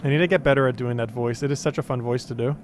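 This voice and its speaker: A young man with a New Jersey accent chats casually to himself while streaming a game. His voice sits at a middle pitch. A faint noise hums under the recording. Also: steady tone, rapid-fire. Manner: casual, self-chatting. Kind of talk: live gameplay commentary.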